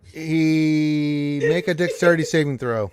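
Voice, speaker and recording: A man's voice: a little high, measured pace, darkish tone, soft background music. A man running a tabletop game as game master, narrating casually.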